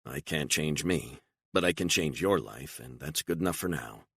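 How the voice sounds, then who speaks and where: A calm, guarded male operative, voiced by the narrator in his own deep register for an audiobook. He answers in clipped, level phrases with a gravelly edge to the low voice. The recording is dry and close. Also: no room sound, full character voice. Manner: terse, calm, measured.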